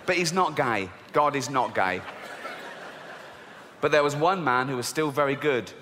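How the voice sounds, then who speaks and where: A man's voice: mid-range voice, a little slow, long pauses, background noise. A man with an English accent doing a live stand-up routine in a mocking, sweary way, often laughing through his own lines. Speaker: stand-up comedian. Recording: big theatre echo with audience.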